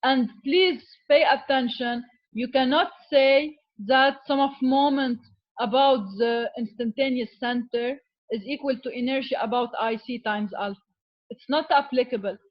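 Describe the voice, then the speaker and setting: A woman's voice: high-pitched, muffled recording. A woman giving a classroom lecture as an engineering teacher, explaining step by step and often checking in with "okay?". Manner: switches to Arabic with students.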